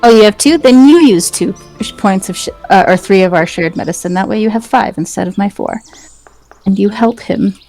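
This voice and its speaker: A woman player in a tabletop game, talking through her character's actions in a quick, practical way. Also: mid-range voice, warm tone, faint music behind. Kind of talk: casual tabletop play.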